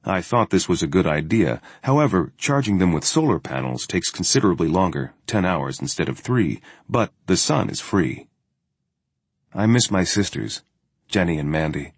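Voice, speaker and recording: Low husky man narrating a journal. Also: animated, normal speed, dry recording. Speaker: audiobook narrator. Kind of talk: first-person journal narration.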